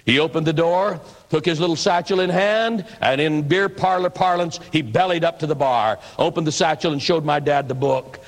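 A man's voice: a little high, moderate pace, hardly any pauses. Man telling a reflective sermon story.

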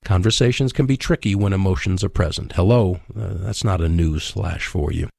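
A man's voice: deep voice, normal speed, creaky, warm tone, dry recording, clean studio sound. A man teaching on a radio program, speaking in an emphatic, conversational way and repeating his key points. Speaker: radio Bible teacher on relationships.

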